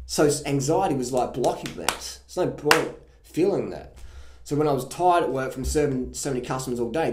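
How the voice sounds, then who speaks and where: Blunt, profane man in a roomy space. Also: medium pitch. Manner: blunt, profane, animated storytelling. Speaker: vlogger. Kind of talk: casual advice monologue. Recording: roomy echo.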